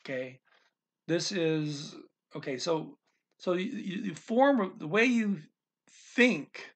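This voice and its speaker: A man teaching a language in a casual, thinking-aloud way, reading phrases slowly and restarting often. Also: on the high side, a bit bright, husky. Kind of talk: casual explanatory lesson.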